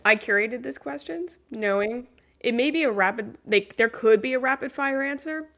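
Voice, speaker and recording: A woman hosting a podcast interview, telling stories with lots of laughter in a casual, animated way. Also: a little high, normal speed, gravelly. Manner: animated storyteller, laughs often. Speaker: podcast host.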